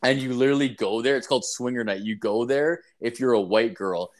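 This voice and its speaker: Telling crude stories in a casual chat, a young adult man from Canada rambles along fairly quickly in a mid-range voice. His storytelling is profane and packed with fillers.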